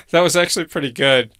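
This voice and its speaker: Streamer guy, bright crisp voice, asks stuff kinda hesitant. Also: a little high. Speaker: livestream host. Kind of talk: casual live chat.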